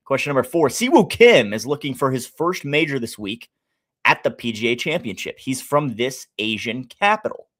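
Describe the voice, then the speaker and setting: A man's voice: mid-range voice, very animated, normal speed. Midwestern man, live-stream sports host, loose and chatty, greets chat by name, mid-range voice. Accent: Midwestern American. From American Midwest. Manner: chatty, thinking aloud, shouting out chat members.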